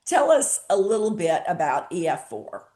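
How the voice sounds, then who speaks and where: A woman hosting an interview show, chatting with enthusiasm and warm praise for her guest. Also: on the low side, big pitch swings, moderate pace. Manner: enthusiastic, gushing. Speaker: host. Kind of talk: casual interview chat.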